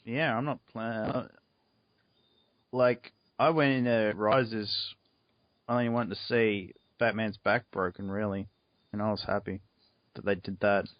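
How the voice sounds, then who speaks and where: A man co-hosting a fan podcast, chatting casually with relaxed, brief remarks. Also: lowish voice, unhurried, pauses often, no echo. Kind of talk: casual chat. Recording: dry dull lo-fi recording.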